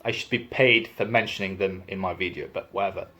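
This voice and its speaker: A man's voice: sits low, fairly even intonation, fairly quick, pushed and bright. A man in a casual vlog explaining regional accents, playful and self-deprecating with many hesitations. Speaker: video maker.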